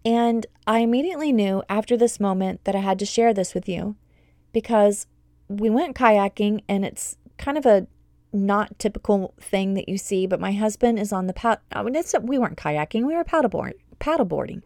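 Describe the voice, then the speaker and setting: A woman in her thirties hosting a podcast as a homeschool business coach, talking in a casual, gushing and upbeat way with rambling, excited asides. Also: mid-range voice, moderate pace, dry recording, clean studio sound.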